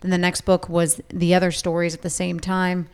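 A woman with a somewhat low voice, talking casually. She lays out her points plainly and matter-of-factly. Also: monotone, moderate pace, smooth. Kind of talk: casual chat.

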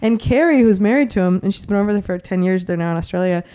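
A woman co-hosting a podcast in casual chat, chatty and quick to laugh. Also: mid-range voice, dark tone. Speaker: podcast co-host.

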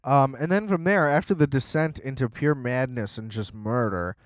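A man's voice: medium pitch, normal speed, dry recording, studio quality. A young man hosting a casual film review, rambling, sarcastic and profane. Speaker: podcast host reviewing a film. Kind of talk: casual chat.

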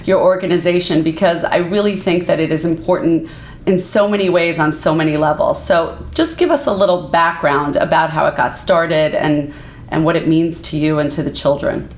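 A woman's voice: deep voice, normal speed. A woman co-hosting a podcast, introducing a guest and reacting effusively. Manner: effusive, lots of "wow". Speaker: podcast co-host. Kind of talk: podcast interview. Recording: roomy echo.

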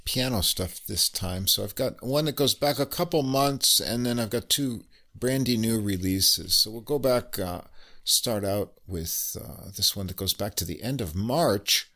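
A man hosting a jazz podcast, chatting casually about new piano records with lots of "uh" pauses. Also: lowish voice. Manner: relaxed, many "uh" pauses, enthusiastic. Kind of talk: casual music review chat.

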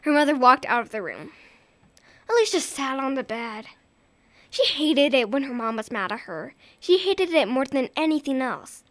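A woman telling a children's story aloud in a lively, expressive way. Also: high voice, normal speed, dry recording.

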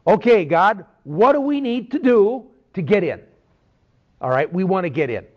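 Animated man teaching from the Bible. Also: high voice, moderate pace. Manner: animated, peppers talk with "okay?". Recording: dull lo-fi recording.

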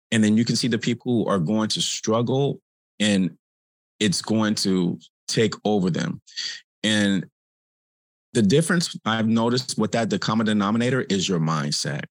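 A man hosting an interview, speaking in a measured, reflective way and checking in with his guest. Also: on the low side, no room sound. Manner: measured, reflective, tags points with "right?". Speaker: host. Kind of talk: interview conversation.

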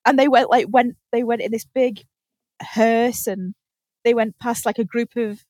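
A woman chatting on a podcast, her voice sitting a bit higher than most and sounding close and dry, with no room around it. She tells stories in an animated way, laughs often and swears freely. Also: unhurried, no echo. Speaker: podcast host. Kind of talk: casual chat.

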